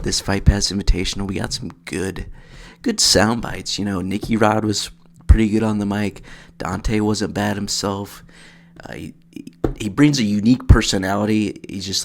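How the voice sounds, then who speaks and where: A man's voice: deep voice, creaky, slight background noise. A man hosting his own channel, casually breaking down a grappling match in a rambling, filler-heavy way. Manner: rambling, filler-heavy, says "freaking" a lot. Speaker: channel host.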